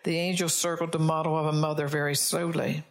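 Gravelly woman preaching a sermon. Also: low-pitched, level tone, brisk. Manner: warm, chatty asides to the congregation. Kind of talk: sermon storytelling.

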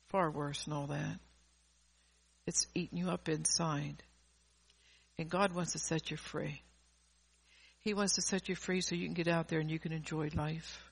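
Gravelly, husky older woman preaching. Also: low-pitched. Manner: earnest, repeats and restarts phrases. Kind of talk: sermon.

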